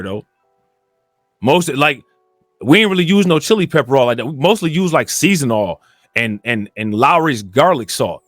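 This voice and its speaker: A man from Cleveland talking in a casual, rambling commentary monologue. He often repeats filler phrases and gets more animated when indignant. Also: medium pitch, no room sound. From Cleveland, Ohio. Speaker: commentary channel host.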